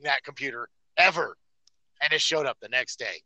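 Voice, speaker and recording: Profane, ranting man with a bright voice. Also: mid-range voice, fairly quick, no echo, poor audio. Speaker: podcast host. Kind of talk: casual podcast chat.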